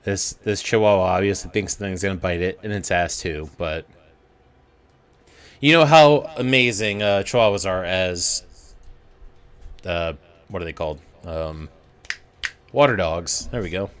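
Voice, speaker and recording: A man's voice: low-pitched, unhurried, pauses often, clean tone. A man co-hosting a casual trivia stream, making wry, joking asides. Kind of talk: casual livestream banter.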